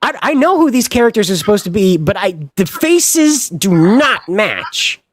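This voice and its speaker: A man hosting a livestream rants casually with sarcasm, swearing, and exasperation. His voice sits high with big pitch swings, moving a little slowly, recorded with studio quality and no echo.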